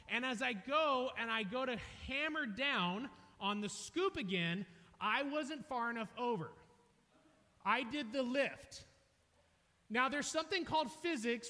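A young man preaching a sermon, telling a funny story loudly, with an animated, self-mocking manner. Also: very high voice. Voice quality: loud, energetic. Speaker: pastor. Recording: reverberant hall.

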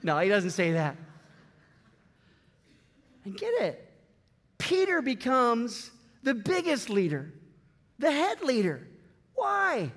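A man preaching a sermon to a congregation, swinging from loud bursts to hushed, drawn-out words. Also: extremely high pitch, wildly swooping pitch. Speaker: pastor. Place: church sanctuary. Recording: long hall reverb.

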